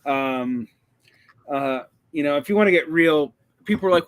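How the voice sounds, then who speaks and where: A man's voice: fairly high pitch, lively intonation, moderate pace, no echo. A man hosting a casual conversation, explaining language history in a digressive, lecturing way with many fillers and restarts. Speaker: host, teacher.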